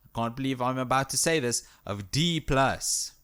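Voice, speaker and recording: A man's voice: medium pitch, expressive, normal speed, a bit bright, clean tone. A man co-hosting a casual podcast chat, teasing and joking with his partner. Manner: teasing, jokey. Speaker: podcast co-host.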